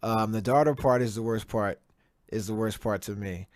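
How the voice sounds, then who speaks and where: This podcast host's voice sits on the low side, darkish in tone and moderately paced, recorded dry at a desk mic with a virtual background on video. Alone and casual, he curses a lot, circling back over the same points as he works himself up.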